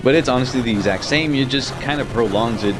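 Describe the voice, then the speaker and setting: A man's voice: mid-range voice, fast talker, poor audio. A young man giving casual, profane gameplay commentary with laughing asides. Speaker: let's play commentator. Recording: game music under the voice.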